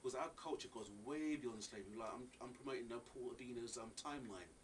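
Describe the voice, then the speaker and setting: A man's voice: medium pitch, quick pace. A man, a parent who helps at a Saturday school, answering interview questions earnestly, with frequent restarts. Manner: earnest, animated, with many restarts. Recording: distant mic with faint ambient noise.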